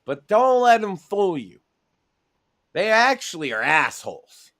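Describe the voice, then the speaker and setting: Male podcast co-host, crude and brash, high register, loves mocking impressions. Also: big pitch swings, a little slow, fairly bright tone. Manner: brash, profane, mocking mimicry. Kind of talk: crude comedic podcast banter.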